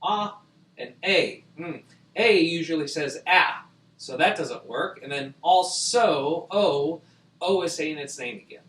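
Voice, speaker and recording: A man's voice: on the high side, measured pace, a bit bright, breathy edge. A man teaching a spelling lesson, patiently explaining rules and sounding out each letter. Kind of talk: spelling tutorial.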